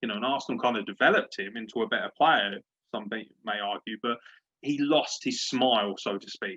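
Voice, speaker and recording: Man, sports podcast host, husky voice, profane fired-up rant, dull lo-fi sound. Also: lowish voice, sharp tone.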